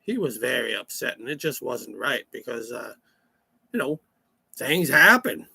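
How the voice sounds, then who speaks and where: A rambling country cousin with a drawl, played by a man for a comic monologue. His gravelly voice sits fairly high and bright, and he drags every folksy sentence out slowly. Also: very animated, dry recording, full character voice. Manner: slow, folksy, rambling storyteller.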